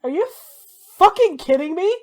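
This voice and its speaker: A woman's voice: mid-range voice, sing-song, a little fast. A woman voicing a furious, crude male slave driver who swears and snarls at his captives. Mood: angry. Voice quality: snarling, foul-mouthed.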